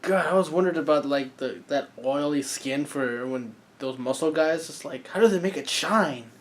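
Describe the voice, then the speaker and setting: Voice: medium pitch, normal speed. A reaction video host giving casual, joking commentary while watching an anime episode, thinking aloud with fillers and asides.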